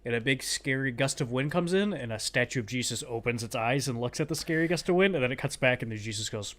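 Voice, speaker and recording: Man, mid-pitched voice, podcast co-host, enthusiastic casual movie chat. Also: lively intonation, fast, fairly bright tone. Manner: enthusiastic, retells scenes with playful quoting.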